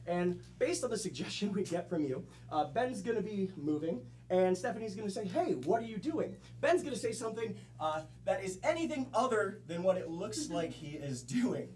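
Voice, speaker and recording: A man hosting a live improv comedy show, loud and joking as he explains the rules to the audience. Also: high voice, lively intonation, moderate pace, few pauses. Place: comedy theater stage. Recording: live crowd around.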